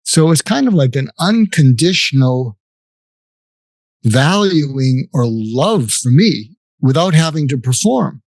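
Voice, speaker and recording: An older man, a psychiatrist, recounting a personal story in an interview, reflective and halting with restarts. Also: medium pitch, sing-song, a little mellow, dry recording.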